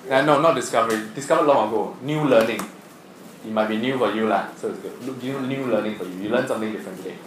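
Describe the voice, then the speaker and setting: A man's voice: fairly low pitch, fast, roomy sound, crowd noise, low-quality recording. A man teaching science to a class, asking questions and teasing students. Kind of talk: classroom lesson.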